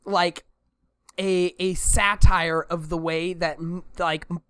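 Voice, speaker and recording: A man co-hosting a casual podcast chat, animated and opinionated as he argues his points. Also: sits high, takes it slowly, clean tone, dry recording, studio quality. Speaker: podcast co-host. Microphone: podcast mic.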